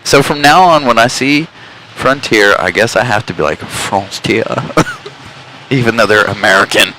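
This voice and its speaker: A man's voice: on the low side, moderate pace, pushed and bright, slight background noise, low-quality recording. A Southern man hosting a casual live stream from a parking garage roof, joking with chat and laughing often. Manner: jokey, laughs often, self-mocking. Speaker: live-stream host plane spotting. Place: outdoors on top of a parking garage.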